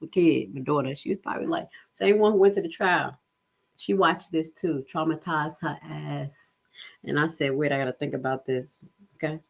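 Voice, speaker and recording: Middle-aged woman, lowish voice, lively storyteller who swears and does everyone's voices. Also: normal speed, creaky. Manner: animated, acts out voices of others, swears freely. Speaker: vlogger telling a personal story. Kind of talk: casual storytelling livestream.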